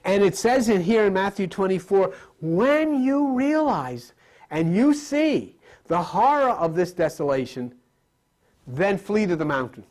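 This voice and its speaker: A man's voice: high voice, very animated, unhurried, a little mellow. A man giving a live spiritual lecture to an audience, rambling and conversational, with jokes and rhetorical questions.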